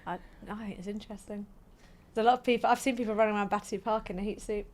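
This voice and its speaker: A woman co-hosting a podcast, chatting and firing off quick questions. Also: medium pitch, steady tone, darkish tone. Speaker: podcast co-host. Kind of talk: casual podcast chat.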